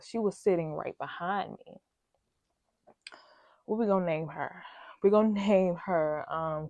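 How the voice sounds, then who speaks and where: A woman's voice: on the low side, warm tone, dry recording, dull audio. A woman in her thirties telling a work story in a candid, rambling, emphatic way, talking straight to her viewers. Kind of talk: casual storytime chat.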